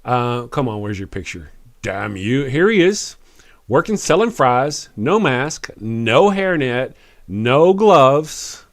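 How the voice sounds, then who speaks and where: A man hosts a casual live stream and reads viewer chat aloud. His pitch swings widely. His delivery is wry and full of chuckles, and he talks quickly. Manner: animated, chuckling, wry, quick after lots of coffee. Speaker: live-stream show host.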